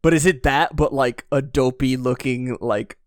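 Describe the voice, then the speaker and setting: A man's voice: mid-range voice, normal speed, dry recording. Young man telling stories in a dry room. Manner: animated storytelling, lots of "like", bursts of disbelief. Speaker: podcast co-host. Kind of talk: casual chat. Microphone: podcast microphone.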